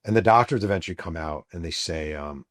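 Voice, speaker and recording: A middle-aged man, a show host and author, narrating a true story vividly and acting out the shouts of the people in it. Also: deep voice, quick pace.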